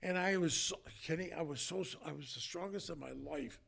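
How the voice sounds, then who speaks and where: An older man and former strongman, telling an emotional story in an earnest, halting way with many restarts. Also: a little high, vocal fry, a bit bright. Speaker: retired strongman, guest.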